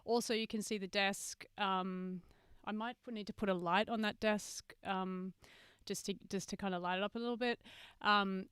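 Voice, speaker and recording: A woman's voice: mid-range voice, a bit bright, smooth, no room sound. A woman hosting a livestream masterclass from a studio with a mixing desk, talking casually to viewers and greeting them by name, with many fillers. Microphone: webcam and computer mic on a video stream.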